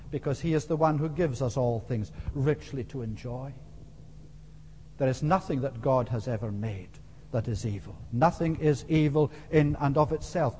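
A man delivers an earnest, rhetorical sermon, pressing hard on key phrases before easing off. His voice sits a little high for a man. The sound carries a long reverb, as in a church hall. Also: darkish tone, slight background noise. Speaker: preacher.

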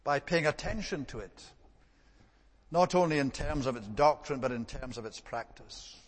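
Male preacher, mid-pitched, emphatic sermon delivery, long hall reverb. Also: animated, moderate pace. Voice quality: emphatic, rising to stress points then dropping low.

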